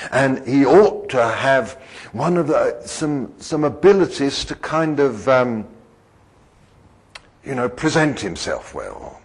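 A man's voice: medium pitch, husky. A man preaching a sermon in a conversational, digressive way, often putting questions to the congregation.

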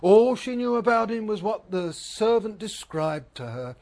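A man's voice: high-pitched, big pitch swings, unhurried, darkish tone. A man preaching a sermon. He is earnest, repeats phrases for emphasis and asks his listeners questions.

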